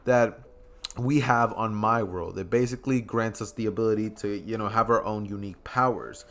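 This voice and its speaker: A man's voice: fairly low pitch, steady tone, moderate pace, a bit bright, pitched below the performer's own voice. A man voicing a friendly young male hero who mentors a boy, speaking easygoing with small hesitations.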